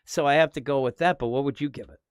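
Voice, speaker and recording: A man co-hosting a casual comic review podcast, talking in an animated, rambling way. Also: medium pitch, smooth, no echo, clean studio sound. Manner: animated, rambling, quick to laugh. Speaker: podcast co-host.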